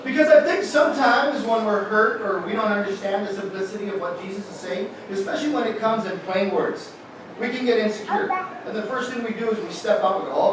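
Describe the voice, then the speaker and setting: High-voiced man preaching in an echoey hall. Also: a little fast. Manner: lively and joking, many restarts. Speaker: pastor. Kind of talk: sermon. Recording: echoey hall from far off with noise.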